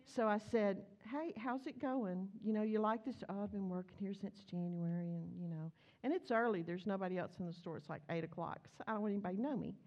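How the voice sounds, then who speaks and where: A woman's voice: mid-range voice, fairly quick, hardly any pauses, lo-fi sound. A woman preaching a chatty, storytelling sermon in church, acting out the dialogue as she goes. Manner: animated, chatty, acts out dialogue.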